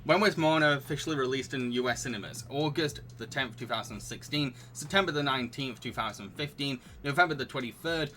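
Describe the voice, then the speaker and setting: A man's voice: mid-range voice, a little fast, few pauses, pushed and bright, slight background noise. A man hosting a live-streamed quiz, reading out questions and options and chatting with his audience between laughs. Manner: chatty and giggly, reading out questions and answering chat. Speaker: quiz host.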